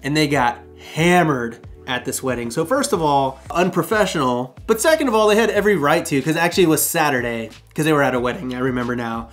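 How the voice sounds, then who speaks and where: A man in his thirties tells stories to the camera in an animated, joking way, breaking off for quick asides. He acts out what people said along the way. Faint music plays softly behind him. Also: fairly high pitch. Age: 30s. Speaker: short-term rental host. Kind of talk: casual storytelling vlog.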